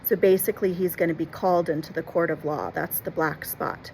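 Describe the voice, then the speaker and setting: A woman reading a classic adventure novel aloud, expressively, pausing to explain words and events for children. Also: on the low side, steady tone, creaky, a little mellow, a little hiss or hum, poor audio. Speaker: storyteller and teacher.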